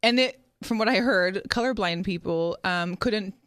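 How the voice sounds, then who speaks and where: A woman's voice: mid-range voice, a bit bright, no echo. Young woman, casual sports talk co-host, joking and chatty, dry close recording. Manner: chatty, joking, quick restarts.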